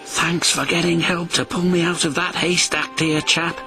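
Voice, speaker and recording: A man's voice: on the high side, level tone, moderate pace, pitched above the performer's own voice, lightly acted. A man voicing a cheerful, self-assured male helicopter with a breezy manner. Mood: grateful. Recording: music behind the voice.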